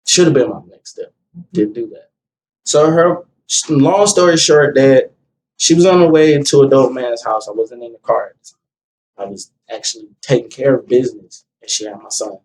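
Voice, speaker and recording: A young man casually telling a personal story, acting out what people said with a raised, animated voice. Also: medium pitch, moderate pace. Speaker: guest telling his story. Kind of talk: casual conversation. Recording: distant mic with faint ambient noise.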